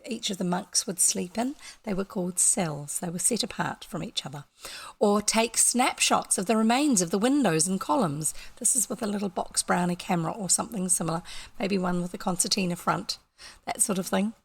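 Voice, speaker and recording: A woman's voice: lowish voice, a little fast, gravelly, husky. A woman from New Zealand with a New Zealand accent, reading a classic children's book aloud and stopping often for chatty, self-correcting asides to her listeners. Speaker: audiobook reader. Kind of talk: casual audiobook reading with asides.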